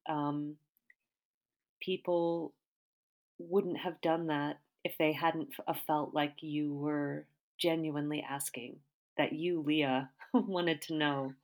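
A woman's voice: deep voice, fairly even intonation, slow pace, darkish tone. A woman artist interviewing a podcast host, asking long, thoughtful questions with fillers.

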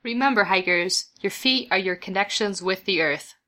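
Female podcast host, bright and direct, offers friendly advice in a casual closing. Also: mid-range voice, normal speed.

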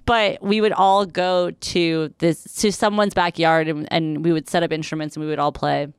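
Smooth-voiced woman telling a rambling story. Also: sits low, steady tone, normal speed, few pauses, no room sound, clean studio sound. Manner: rambling, fillers of "like", laughs often. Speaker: podcast co-host. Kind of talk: casual chat, storytelling. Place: hotel room.

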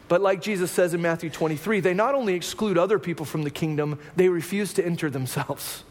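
A man preaching a sermon as pastor in a conversational way, dropping to hushed lines and rising to raised ones. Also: sits high, big pitch swings, brisk. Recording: long hall reverb.

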